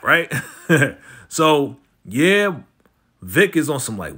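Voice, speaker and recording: A man casually recapping a TV episode, animated and slangy, jumping into the characters' lines as he retells scenes. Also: a little high, measured pace, husky. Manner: slangy, conversational, lots of "you know" and "right?". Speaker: TV recap host.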